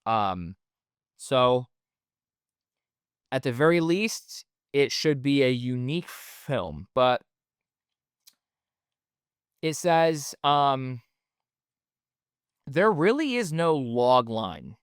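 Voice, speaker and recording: A man's voice: medium pitch, sing-song, drawn-out words, long pauses, clear, resonant tone, dry recording, studio quality. A man hosting a solo podcast in a casual, rambling way, with lots of fillers and the odd swear word. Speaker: podcast host.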